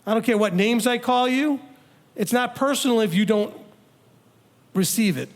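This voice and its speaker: A man teaching a congregation as its rabbi, talking in a conversational, animated way, acting out quoted people and putting questions to the audience. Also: very high voice, moderate pace.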